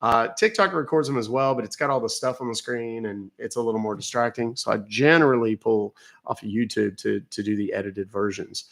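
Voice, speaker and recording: A man's voice: medium pitch, fairly quick, vocal fry, a bit bright. A man from North Texas, hosting a casual livestream, chatting with viewers and playing dumb with a phone caller. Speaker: livestream host baiting phone scammers.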